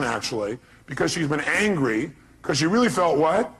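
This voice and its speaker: A man's voice: a little high, animated, a little slow, pauses often, a bit bright, slightly rough, low-quality recording. A man giving an emphatic motivational speech to a live audience, firing off rhetorical questions. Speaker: motivational speaker.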